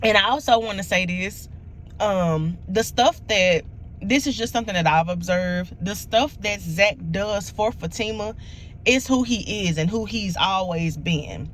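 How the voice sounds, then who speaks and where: A woman's voice: medium pitch, measured pace. Woman rambling thru a tv episode recap, lots of restarts, faint noise behind. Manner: rambling, many restarts and fillers, acts out quotes. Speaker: TV show reviewer.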